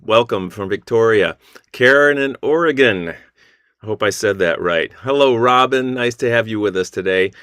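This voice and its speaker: A man hosting an online song gathering over a video call, warmly greeting viewers by name and town. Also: on the low side, moderate pace, smooth, no echo, studio quality. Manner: friendly, reading out viewer names. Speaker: host. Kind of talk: online sing-along greeting.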